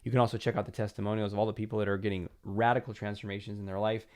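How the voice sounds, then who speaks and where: A man's voice: on the low side, flat delivery, racing, darkish tone, clear, resonant tone. A man hosting a self-help podcast, coaching the listener directly in an earnest way and acting out inner voices. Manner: acts out inner voices in quotes. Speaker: podcast host and confidence coach.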